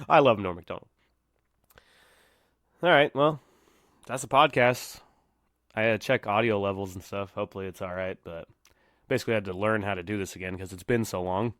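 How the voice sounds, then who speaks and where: A man's voice: on the low side, normal speed, long pauses, fairly bright tone, no echo, clean studio sound. A man in his thirties hosting a casual solo podcast, rambling and laughing often at himself. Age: 30s. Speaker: podcast host. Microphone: headset or desk mic.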